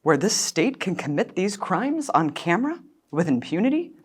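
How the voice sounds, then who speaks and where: A woman's voice: lowish voice, very animated, moderate pace, slightly rough. A woman guest on an interview, a documentary filmmaker, speaking with passionate indignation and raw emotion that at times nears tears.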